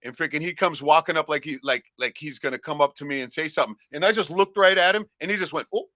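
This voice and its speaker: Male podcast co-host from Alaska, bright higher voice, profane rambling tales. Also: quick pace, no room sound. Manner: profane, rambling storyteller with loud acted-out shouts. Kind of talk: casual podcast chat.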